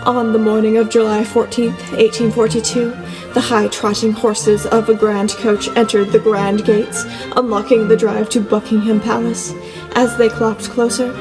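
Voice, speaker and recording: Female audiobook narrator with a steady, flat delivery, recorded in a reverberant space. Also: a little high. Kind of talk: scripted storybook narration. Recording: long reverb, soft music beneath.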